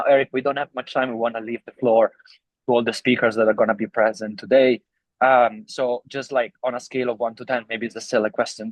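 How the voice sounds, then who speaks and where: A man's voice: medium pitch, no echo, poor audio. A man asking interview questions, hesitating and restarting as he goes. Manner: hesitant, with many fillers and restarts.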